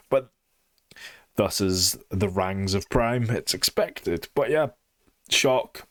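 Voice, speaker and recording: A man's voice: on the low side, takes it slowly, a bit bright, no room sound, studio quality. A young man giving a blunt, sarcastic and sweary review of a TV show in a casual, opinionated way.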